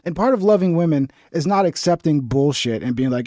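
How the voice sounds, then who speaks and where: A man's voice: fairly high pitch, animated, fast talker, few pauses, mellow, dry recording, studio quality. A man hosting a stream, giving blunt, profane reaction commentary in a ranting way. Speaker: streamer host.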